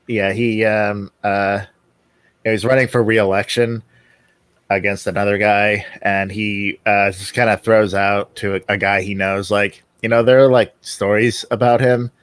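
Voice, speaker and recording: Southern guy, low voice, dry close sound, rambling book-chat co-host who laughs a lot. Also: fairly bright tone, dry recording. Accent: Southern American. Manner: rambling, laughs often while retelling. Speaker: podcast co-host. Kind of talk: casual chat about books.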